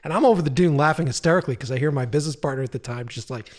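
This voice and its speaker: On a podcast, a music video director in his thirties tells stories quickly in a voice on the high side. He keeps it casual and lively, cursing liberally and frequently laughing through his anecdotes.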